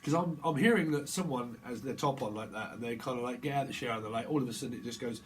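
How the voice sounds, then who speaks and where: A man talks through a tarot reading off the cuff, in a medium-pitched voice. He rambles and jokes, slipping into little acted-out conversations. A faint noise sits behind him. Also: very fast. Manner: rambling, joking, acting out imagined dialogue in voices; frequent fillers and laughter. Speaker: tarot reader.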